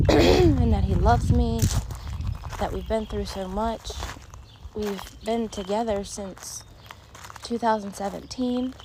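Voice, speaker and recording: A woman in her thirties, tearful, speaking in an emotional, halting, rambling way in a personal vlog. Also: medium pitch, background noise. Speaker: vlogger. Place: rural home, barn nearby.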